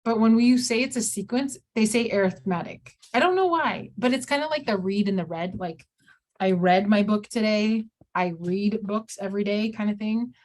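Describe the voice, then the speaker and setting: Woman math teacher, online lesson, chatty, middling pitch, acts out student questions. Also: normal speed.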